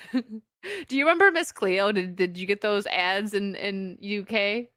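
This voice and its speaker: A woman's voice: mid-range voice, animated, unhurried, sharp tone, no room sound, clean studio sound. A woman from the United States hosting a podcast, chatting casually and giggling, and reading out messages from viewers. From USA. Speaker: podcast host.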